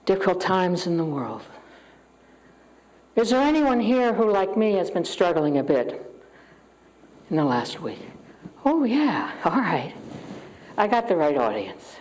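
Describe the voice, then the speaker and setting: A woman speaking to a church congregation, giving an earnest, openly emotional spiritual talk and leading a prayer, with long pauses. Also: mid-range voice, big pitch swings, a little mellow, poor audio. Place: church sanctuary with live audience. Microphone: handheld microphone.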